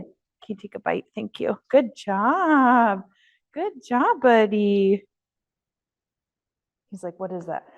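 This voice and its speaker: A woman dog trainer leading an online class, explaining steps and praising her dog in a high, happy voice between instructions. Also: animated, slow, pauses often, darkish tone, dull audio.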